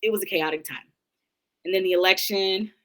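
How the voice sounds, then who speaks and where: A woman's voice: mid-range voice, a little fast, a bit bright, poor audio. A young adult woman, an interview guest, talking candidly and thoughtfully in long, run-on reflections. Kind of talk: candid casual conversation.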